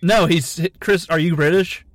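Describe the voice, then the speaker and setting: A young man co-hosting a comedy podcast, trading dry, deadpan quips. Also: fairly high pitch, measured pace, no room sound. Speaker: podcast co-host. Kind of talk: casual comedic podcast banter.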